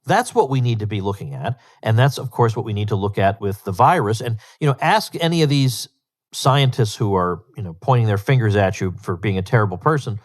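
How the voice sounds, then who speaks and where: A man's voice: lowish voice, lively intonation, brisk. A man hosting a solo podcast, talking emphatically and with disbelief, often repeating words for stress. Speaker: podcast host.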